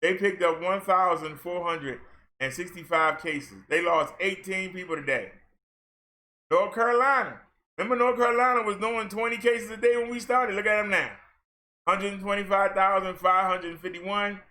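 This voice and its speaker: A man's voice: high voice, moderate pace, sharp tone. A man giving a sarcastic ranting commentary as he reads off numbers. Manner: sarcastic, talks back at the figures he reads. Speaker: commentary vlogger.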